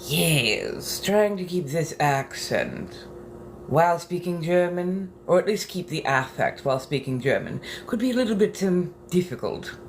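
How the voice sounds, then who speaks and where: A woman chatting softly as an ASMR creator at home, musing unhurriedly and practicing phrases aloud. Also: lowish voice, sing-song, measured pace, slight background noise. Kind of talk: soft-spoken ASMR chat. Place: home apartment.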